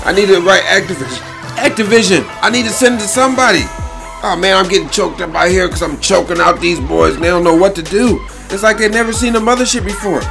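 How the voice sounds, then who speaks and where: Male gaming host, slightly high voice, brash slang-heavy play-by-play, quick to laugh. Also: creaky. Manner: boastful, hype, slang-heavy, laughs often. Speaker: gaming YouTuber. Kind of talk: energetic gameplay commentary. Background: faint background music.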